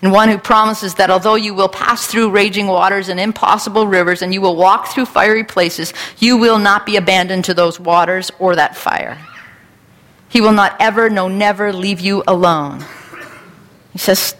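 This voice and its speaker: A woman's voice: mid-range voice, fairly even intonation, normal speed, a bit bright, in a large hall. A woman pastor preaching a sermon with an earnest, repetitive cadence.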